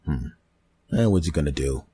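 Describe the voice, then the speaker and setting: A man hosting a comedy podcast, rambling in a deadpan, absurd monologue on a close mic. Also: very deep voice, normal speed, slight background noise.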